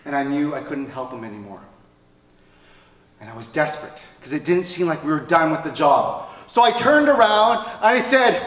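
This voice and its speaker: Animated man telling a story on stage. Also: a little high, normal speed. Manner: animated, swinging from loud excited bursts to quiet somber lines. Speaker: storyteller at a live show. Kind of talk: live personal storytelling. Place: stage at a live radio show. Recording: echoey stage from a distance, faint room noise.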